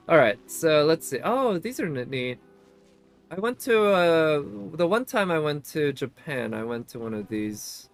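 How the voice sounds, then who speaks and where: A man's voice: on the high side, big pitch swings, takes it slowly, pauses often, soft background music. A man giving casual gameplay commentary as a streamer, chatty and thinking aloud, often laughing. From United States.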